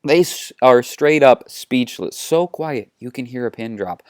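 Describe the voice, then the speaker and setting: A man's voice: mid-range voice, lively intonation, unhurried, smooth, no echo, clean studio sound. A man hosting a comedy video, retelling a story in a casual, joking way.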